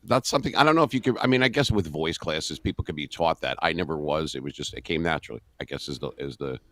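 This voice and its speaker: A middle-aged radio and voice-over man on a video call, talking casually and evenly with frequent pauses. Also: no room sound. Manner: deep booming voice, speaks monotone with many pauses. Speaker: radio host and voice-over artist. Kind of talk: casual interview talk.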